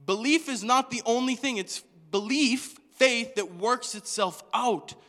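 Animated bright-voiced preacher in reverb. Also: male voice, extremely high pitch, measured pace. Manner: animated, questioning the congregation, acting out voices. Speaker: pastor. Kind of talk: sermon. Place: church hall.

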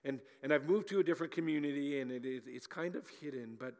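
A male pastor preaching a sermon in a lively, animated way, doubling up his words as he goes. His voice sits a touch high, and a long reverb from the church hall trails after each phrase. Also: quick pace, hardly any pauses. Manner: animated, repeats words often, acts out voices.

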